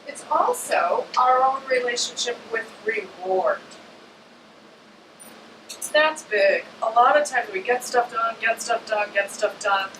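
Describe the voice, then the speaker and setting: A chatty, animated woman gives an informal talk on astrology to a live audience, in a slightly high voice. She is picked up from a distance in an echoey room. A steady air-conditioning hum runs underneath. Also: slow.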